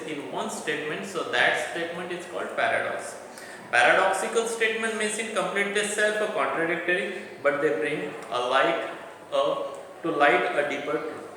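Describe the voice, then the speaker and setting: A man's voice: high-pitched, sharp tone, a little hiss or hum. A man lecturing a college class on literary terms. He reads each definition aloud and then explains it again in simple words. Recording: distant echoey hall recording.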